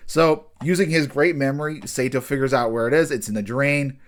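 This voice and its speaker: A man's voice: mid-range voice, steady tone. Man rambling through an anime review. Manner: rambling, with frequent restarts and fillers; acts out characters' lines in quick bursts. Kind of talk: casual episode review.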